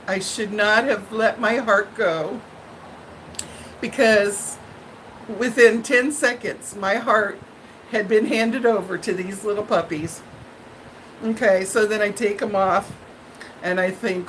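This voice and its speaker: A woman hosting a live stream, telling viewers a story in a dramatic, animated way and laughing often. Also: on the high side, slow, slight background noise, low-quality recording.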